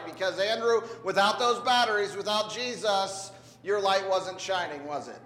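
High, bright-voiced pastor in an echoey church. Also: male voice, slight background noise. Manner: gentle, asks a child questions. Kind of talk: children's sermon. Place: church sanctuary. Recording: echoey hall with long reverb.

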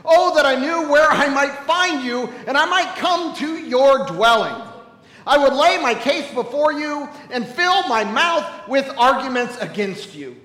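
A man preaching, putting on a suffering man's anguished, shouted complaint to God. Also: very high voice, expressive, a little slow, reverberant, long reverb tail, pitched above the performer's own voice, heavily acted. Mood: bitter. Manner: loud, declaiming, bitter.

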